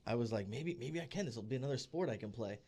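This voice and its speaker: A man co-hosting a podcast, telling stories in a casual, animated way and acting out the people he quotes. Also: mid-range voice, quick pace, slightly rough. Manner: animated storyteller who acts out quoted people. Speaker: podcast co-host. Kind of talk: casual chat, storytelling. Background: podcast studio.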